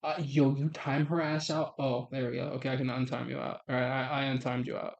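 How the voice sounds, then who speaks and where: A man's voice: mid-range voice, level tone, a little fast, vocal fry, lo-fi sound. A man hosting a live stream, chatting casually in a profane, blunt way and laughing often.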